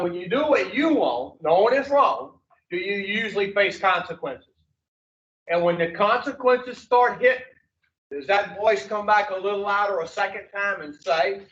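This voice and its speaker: A man's voice: sits high, a bit bright. A man leading an addiction recovery group, lecturing bluntly and profanely and firing rhetorical questions at the room. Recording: distant, echoey, dull room recording.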